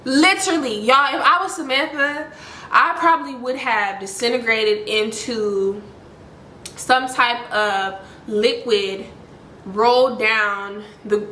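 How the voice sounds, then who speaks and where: A woman in her twenties telling a story to camera in a casual, slangy, animated way, talking to viewers as y'all. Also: medium pitch, echoey room, a little hiss or hum. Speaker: storytime vlogger.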